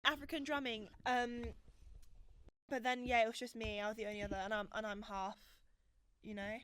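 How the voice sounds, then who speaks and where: A young woman, co-hosting a casual podcast chat and telling stories in an animated, giggly way. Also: on the high side, brisk, smooth. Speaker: podcast co-host.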